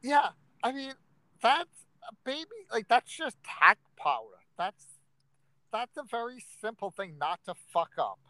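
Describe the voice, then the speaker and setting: A man's voice: very high voice, big pitch swings, a little slow, bright, forceful tone, no echo, low-quality recording. A man co-hosting a podcast in casual chat, talking bluntly with lots of fillers. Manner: rambling, filler-heavy, blunt. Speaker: podcast co-host.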